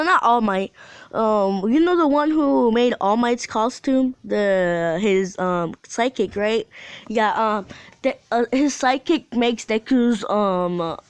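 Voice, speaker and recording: A woman's voice: medium pitch, smooth, no echo. A woman rambling through a fan story retelling, with many fillers and restarts.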